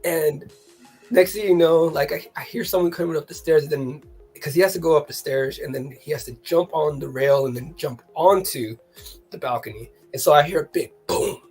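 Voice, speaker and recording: A husky-voiced guest tells a story in lively casual chat, full of fillers and bursts of laughter. Soft music plays faintly underneath the talk. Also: medium pitch, normal speed.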